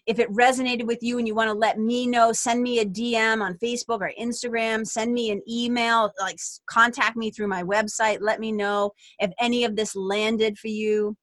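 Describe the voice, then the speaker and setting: Earnest bright-voiced woman podcast host. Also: a little high, level tone, normal speed, few pauses, dry recording. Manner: earnest, direct address to listeners. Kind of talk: spiritual self-help monologue. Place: small closet.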